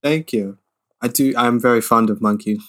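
A man's voice: mid-range voice, normal speed, a bit bright. A man co-hosting a film podcast in casual chat, rambling and enthusiastic, with a jokey streak. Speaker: podcast co-host.

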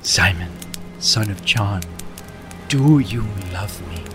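A man voicing Jesus as a gentle, grave figure, speaking slowly and softly. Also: fairly low pitch, animated, over music, pitched below the performer's own voice. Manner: slow, soft and solemn.

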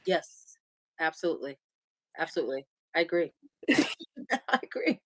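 A woman's voice: low-pitched, big pitch swings, a little slow, no room sound. A woman hosting a podcast who affirms and encourages her guest in casual chat. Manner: warmly affirming, encouraging responses. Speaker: podcast host.

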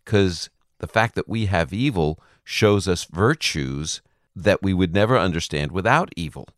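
Deep-voiced man explaining calmly. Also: unhurried, no echo, clean studio sound. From United States. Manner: thoughtful, explanatory. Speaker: Bible teacher guest. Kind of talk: radio interview.

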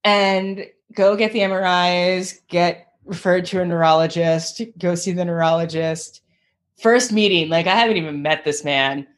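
A woman's voice: lowish voice, fairly even intonation, moderate pace. A woman artist in her thirties telling her story in an interview, acting out the people she quotes and laughing often. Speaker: guest artist.

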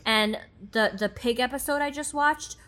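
Bright, chatty woman gossiping. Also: sits high, moderate pace. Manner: chatty, giggly, blunt and crude. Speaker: podcast co-host. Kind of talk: casual gossip chat.

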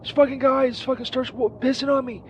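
A shrill, very high, frantic Saint Peter, put on by a male host rants and curses into a muffled voicemail. Faint city traffic murmurs behind him on the line from a broken street phone booth. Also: flat delivery, fast talker. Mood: fuming. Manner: profane, rambling, shouting at a stranger. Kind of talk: comedy phone bit.

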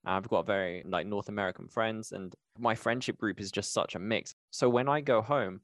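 A man's voice: fairly low pitch, moderate pace, fairly bright tone, no echo. A man from the United Kingdom, talking casually and thoughtfully on a podcast. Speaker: podcast co-host, pitch team member.

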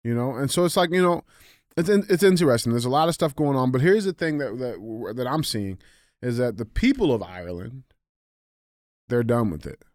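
A man's voice: mid-range voice, lively intonation, normal speed, a little mellow, no echo, studio quality. A man co-hosting a podcast in casual chat, hesitant and full of fillers and restarts. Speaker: podcast co-host.

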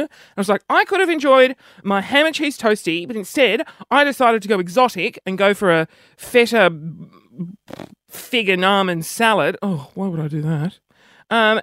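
A man's voice: sits high, a bit bright, no room sound, studio quality. A man with an Australian accent, chatting in a rambling, self-mocking vlog monologue that jumps between topics. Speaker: vlogger. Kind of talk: casual monologue to camera.

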